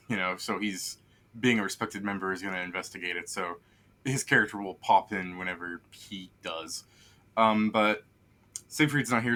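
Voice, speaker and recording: A man runs a tabletop game and narrates casually. He rambles and hesitates, filling gaps with sounds. His voice is low and bright-edged. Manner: rambling, hesitant, many fillers. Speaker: game master.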